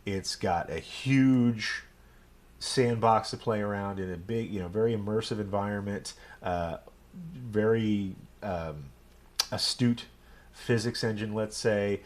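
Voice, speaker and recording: Chatty Texan rabbi streaming live. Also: male voice, lowish voice, takes it slowly. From Texas. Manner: rambling, chatty, self-deprecating. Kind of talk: casual live-stream chat.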